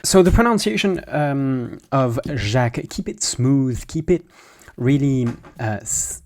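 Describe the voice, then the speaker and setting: A French man whose first language is French, teaching pronunciation in a relaxed, explanatory way and repeating sounds slowly as drills. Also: mid-range voice. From France. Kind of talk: casual spoken lesson.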